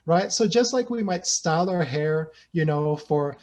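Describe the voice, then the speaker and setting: A man's voice: on the high side, lively intonation, a little slow, a little mellow. A man giving an academic presentation over a video call, conversational, with hesitations and frequent "right?" tags. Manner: thinks aloud with hesitations. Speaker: guest researcher presenting.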